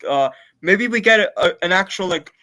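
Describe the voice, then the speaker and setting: A man on a casual live stream, talking excitedly and filling his speech with "bro" and "like". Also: high voice, normal speed. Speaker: watch party co-host.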